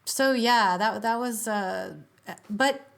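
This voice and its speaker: A woman's voice: fairly high pitch, takes it slowly, vocal fry, clear, resonant tone. A woman, a podcast guest, telling a story in casual conversation, chatty with many fillers and easy laughs.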